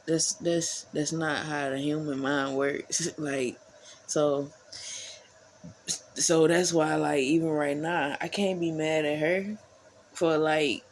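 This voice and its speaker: A woman talking casually to her followers, rambling and repeating herself. She swings from low murmurs to heated, profane bursts. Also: slight background noise, low-quality recording. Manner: frank and profane. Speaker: vlogger.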